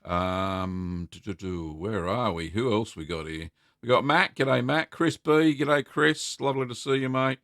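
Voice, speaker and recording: A man's voice: fairly low pitch, measured pace, a bit bright, dry recording, studio quality. A middle-aged Australian man hosting a casual live stream, rambling in a friendly way and greeting viewers by name. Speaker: host.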